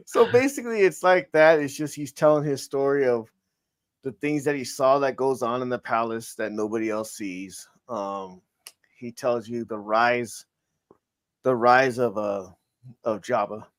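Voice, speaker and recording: A man's voice: mid-range voice, a little slow, no room sound, studio quality. A man co-hosting a podcast, talking loosely and often restarting his sentences while he lays out a story idea. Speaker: podcast co-host. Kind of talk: casual chat.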